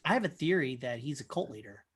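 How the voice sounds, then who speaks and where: A man's voice: medium pitch, lively intonation, fast, fairly bright tone. Rambling, profane male podcast co-host. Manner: rambling, profane storyteller who acts out quotes. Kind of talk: casual chat. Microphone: remote call mic.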